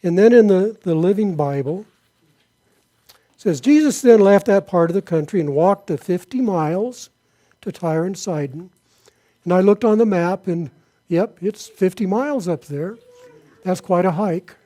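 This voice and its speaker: A pastor preaches a sermon, reading scripture aloud before posing questions to his listeners. His voice is high for a man but soft and mellow, and he speaks a little slowly.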